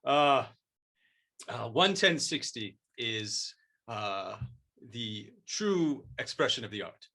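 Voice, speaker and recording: Man doing a grave, self-important martial arts master, soft-spoken and measured, with a bright, forceful edge to the voice. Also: medium pitch, lively intonation, full character voice. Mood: lecturing. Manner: mock-solemn, measured, hushed delivery. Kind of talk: improvised comic role-play.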